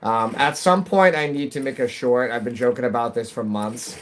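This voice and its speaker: A New England man streams live while gaming, chatting casually with viewers, drifting from topic to topic, and laughing often. His voice is medium in pitch and moves at a moderate pace.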